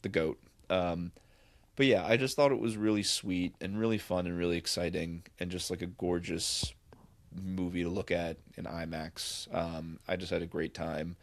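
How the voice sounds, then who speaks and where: Guy with a lowish voice rambling happily about movies, dry room, lots of ums. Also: little pitch movement, moderate pace, no room sound. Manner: rambling, enthusiastic, lots of fillers. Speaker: podcast co-host. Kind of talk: casual movie chat.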